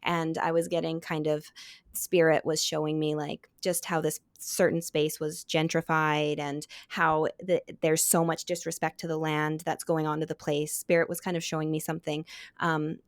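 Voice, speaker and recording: A woman's voice: low voice, little pitch movement, normal speed, no room sound. A woman hosting a podcast in casual conversation, earnest and heartfelt, with many fillers like "you know" and "um". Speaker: podcast host.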